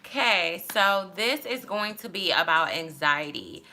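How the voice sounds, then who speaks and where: Low, bright-voiced woman vlogger. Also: lively intonation, unhurried, faint music behind. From Texas. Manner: candid, rambling, many fillers. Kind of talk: casual advice talk to camera. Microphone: phone.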